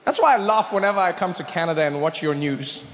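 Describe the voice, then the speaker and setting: A man doing stand-up comedy on stage, animated and mock-indignant. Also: fairly high pitch, quick pace. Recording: echoey hall with background noise.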